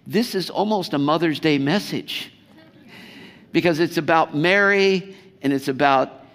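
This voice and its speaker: A man preaches in a church, talking with his congregation and often asking them questions. He speaks slowly, in a slightly high voice. His words ring out with a long echo through a large sanctuary. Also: fairly bright tone. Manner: conversational, asks the congregation questions. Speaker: pastor. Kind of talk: sermon.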